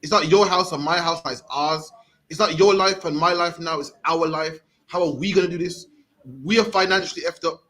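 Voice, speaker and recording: Fairly quick and steady, with a fairly high pitch and a fairly bright tone, this thirties-aged British man is street preaching. He delivers each point emphatically, repeatedly ending sentences with "man."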